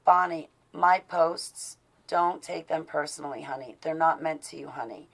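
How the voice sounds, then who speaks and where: Low gravelly woman hosting a live stream. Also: normal speed, low-quality recording. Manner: affectionate, rambling, many fillers. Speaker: host of an online show. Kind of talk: casual live-stream chat. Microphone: video call.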